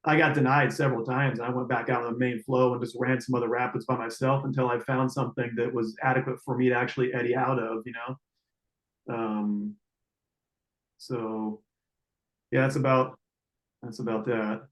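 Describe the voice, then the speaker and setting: A man telling a river rescue story in casual, halting speech full of fillers and restarts, heard over a video call. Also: medium pitch, little pitch movement, echoey room, rough recording.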